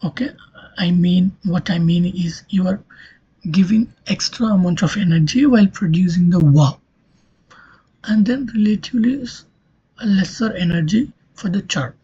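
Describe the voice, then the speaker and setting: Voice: medium pitch, normal speed, dark tone, slightly rough, dull audio. A linguistics lecturer giving a recorded online lesson, explaining step by step and often checking in with "okay".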